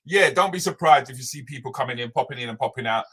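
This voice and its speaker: A man's voice: medium pitch, animated, quick pace, fairly bright tone, husky. A man co-hosting a podcast, talking bluntly in casual banter with street slang. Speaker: podcast co-host.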